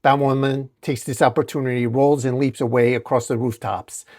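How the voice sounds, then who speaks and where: A man hosting a comic book channel, narrating a dramatic comic recap in a steady storytelling manner. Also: mid-range voice, moderate pace.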